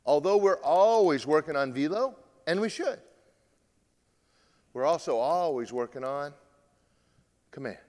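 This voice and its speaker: A male pitching coach giving a lively live talk to players and parents, acting out what players say. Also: measured pace, long pauses, big-room sound. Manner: animated, acts out quotes from players. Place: large room with a live audience.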